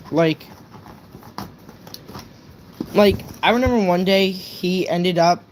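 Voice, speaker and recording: A man's voice: high voice, a little hiss or hum. A young man casually telling a true story on a live stream, rambling and swearing, with lots of "right?" fillers.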